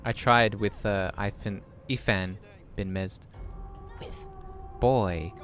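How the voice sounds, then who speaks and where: A man's voice: on the low side, steady tone, takes it slowly, fairly bright tone, soft background music. A young man casually commenting while playing a game, joking and reading choices aloud. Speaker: let's play host.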